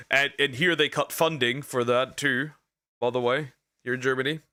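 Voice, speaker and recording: Bright dry-voiced male streamer. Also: mid-range voice, fairly even intonation, a little slow, no room sound. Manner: rambling, stammering, jokey asides. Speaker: VTuber streamer reacting to videos. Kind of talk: casual reaction commentary. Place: lives in Germany.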